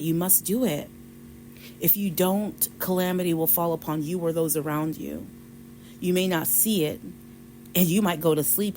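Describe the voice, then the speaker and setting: A woman's voice: sits low, a little mellow, a little hiss or hum, rough recording. A woman hosting a devotional podcast, retelling a scripture passage in a casual, conversational way. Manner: conversational, retells scripture with quoted voices and light laughs. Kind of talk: casual Bible study talk.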